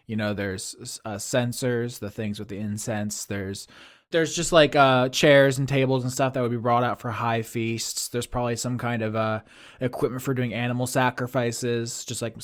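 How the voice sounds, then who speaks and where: A man narrating as game master of a tabletop game, chatty and self-deprecating, laughing often. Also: medium pitch.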